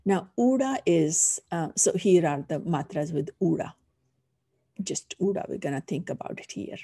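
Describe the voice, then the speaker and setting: A woman's voice: deep voice, expressive, normal speed, warm tone, husky, no room sound, clean studio sound. A woman with a Punjabi accent, a teacher patiently explaining a lesson step by step. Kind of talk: recorded online lesson.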